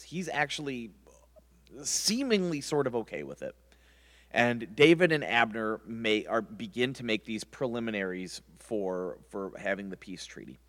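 A man's voice: mid-range voice, fairly bright tone. A man teaching a Bible passage verse by verse in a rambling, conversational way with many restarts.

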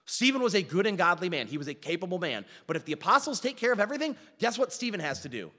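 A man preaching a sermon as a pastor, animated and full of rhetorical questions, with wry self-deprecating asides. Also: sits high, fast. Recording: long reverb of a large hall.

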